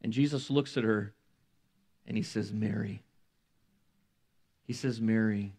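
A man's voice: mid-range voice, moderate pace, a little mellow, no echo. A middle-aged male pastor giving a sermon, retelling scripture and acting out the people in it, with swells of intensity. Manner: dramatic retelling with voiced quotes, rising to emotional peaks.

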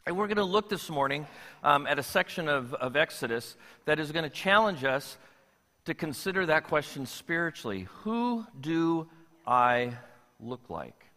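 Older man, pastor, sermon, playful, bright tone, church hall reverb. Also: a little high, lively intonation, normal speed. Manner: playful, joking with the congregation. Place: church sanctuary.

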